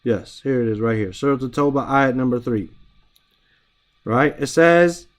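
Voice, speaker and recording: A man's voice: medium pitch, expressive, moderate pace, long pauses. A man teaching Arabic grammar in an online class, explaining in casual English, reciting Arabic phrases and checking in often with "right?".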